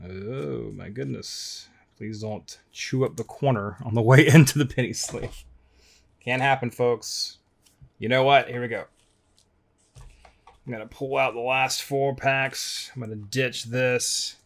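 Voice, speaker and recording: Male host, unhurried delivery, wry and grumbling, casual box-break commentary. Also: medium pitch, fairly even intonation, vocal fry, fairly bright tone. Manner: grumbling, wry, talks to viewers as folks. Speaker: card collector opening packs.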